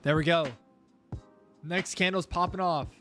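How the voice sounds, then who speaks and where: A young man live-streaming his crypto trading, chatting casually, thanking viewers and coaxing the price chart out loud. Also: fairly high pitch, steady tone, unhurried, soft background music.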